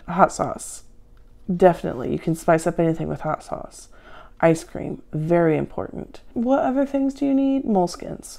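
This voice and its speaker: A woman's voice: mid-range voice, gravelly, dark tone. A woman hosting a comedic question-and-answer video from home, with a dry, sarcastic, self-mocking manner. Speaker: show host answering viewer questions. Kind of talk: deadpan comedic Q&A.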